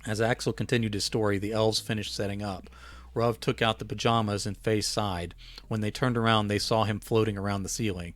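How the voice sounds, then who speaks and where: Low-voiced man reading his story. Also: brisk, faint music behind. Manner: relaxed reading with small self-corrections.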